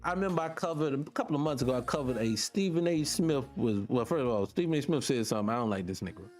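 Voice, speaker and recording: Over faint music, a man with a darkish tone and lively intonation talks fast as he hosts a morning talk show. He reacts to the clips he plays with emphatic, blunt, profane commentary, his pitch swinging up as he lands each point.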